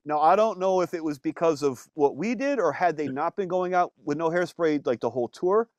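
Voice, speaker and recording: A man, a musician guest, telling stories in a casual interview, animated, with lots of fillers and some swearing. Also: fairly high pitch, fairly quick, no echo, dull audio.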